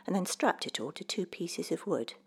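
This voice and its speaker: Low, gravelly woman reading a storybook. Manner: measured, expressive, dropping to near-whispers at tense moments. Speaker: narrator. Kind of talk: storybook narration.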